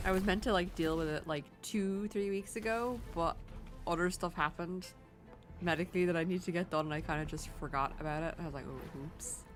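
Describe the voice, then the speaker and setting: Irish woman streamer, lowish voice, lively yarn-spinner, soft music underneath. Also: brisk. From Ireland. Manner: animated storyteller, jumps high when quoting people. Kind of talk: casual chat while gaming.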